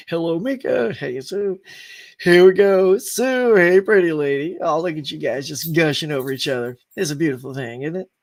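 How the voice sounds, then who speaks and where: Hosting a relaxed live stream, a high-voiced man speaks at a moderate pace with a creaky texture. He laughs frequently, reads out what viewers write, and says hello to each one by name in a cheerful way.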